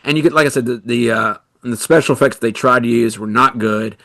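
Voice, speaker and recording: A man's voice: medium pitch, a little fast, creaky, bright, forceful tone, dry recording. A man co-hosting a podcast, chatting casually and rambling with lots of fillers. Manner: rambling, many "you know" fillers. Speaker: podcast co-host. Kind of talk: casual chat.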